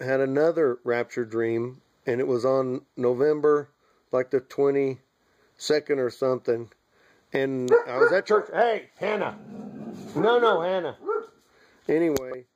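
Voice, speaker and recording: A man's voice: fairly high pitch, highs cut off. A middle-aged man telling a dream in a rambling, earnest way, with restarts and asides, in casual storytelling. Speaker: video maker telling a dream. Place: at home, outdoors near a house.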